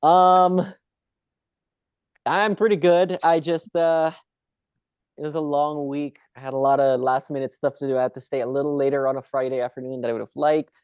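Host, male, slightly higher voice, chatty and rambling, dry lo-fi recording. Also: level tone, normal speed, darkish tone, clean tone, dry recording. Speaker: podcast host. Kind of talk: casual chat. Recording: dull, dry lo-fi sound.

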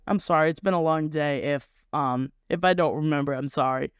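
A man's voice: on the high side, fairly quick, clear, resonant tone, no echo, studio quality. A young man hosting a faith podcast, talking in a rambling, earnest way and often correcting himself. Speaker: podcast host. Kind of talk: casual devotional podcast talk.

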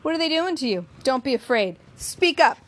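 A woman's voice: sits high, big pitch swings, moderate pace, a bit bright, pitched above the performer's own voice. A woman voicing a defiant young activist man. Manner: protesting, pressing questions.

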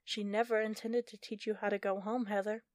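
A woman's voice: medium pitch, flat delivery, a little fast, a little mellow, no echo, close to an everyday voice. A woman narrator voicing a scornful, mocking sorceress with a dry, taunting delivery.

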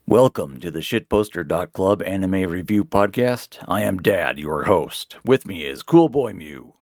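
A man's voice: low voice, lively intonation, a little slow, darkish tone. A man hosting a casual podcast, laid back and hesitant with many ums and uhs. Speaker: podcast host.

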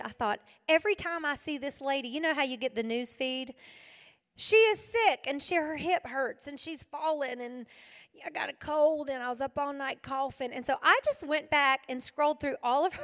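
A middle-aged woman preaching to a women's gathering, animated, swinging between loud exclaiming and hushed soft passages. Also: sits high, big-room sound. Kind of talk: sermon. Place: hall addressed to an audience.

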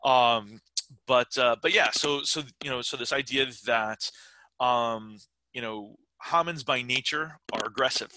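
A middle-aged man chatting as a podcast guest. His voice is very bright and forceful, and it is recorded dry and close. He rambles, with plenty of fillers and restarts. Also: mid-range voice, measured pace, dry recording, low-quality recording. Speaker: podcast guest, writer and game developer. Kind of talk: casual interview chat.

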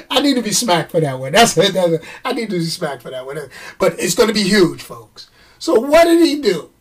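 A man's voice: high voice, a little fast, hardly any pauses, breathy edge, distant mic. A man chatting casually about comic books on his video channel, rambling and joking. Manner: animated, rambling, jokey. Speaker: comic book YouTuber. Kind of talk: casual chat.

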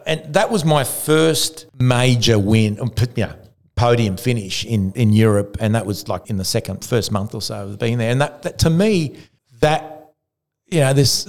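A man's voice: medium pitch, vocal fry. A man from Argentina, a retired cyclist and podcast guest, telling a story with lots of restarts and acted-out quotes. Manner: animated storyteller who acts out quotes, frequent restarts. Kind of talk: casual storytelling.

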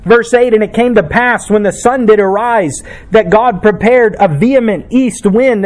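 A man preaching a sermon as pastor, reading scripture and explaining it with emphatic delivery. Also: high-pitched.

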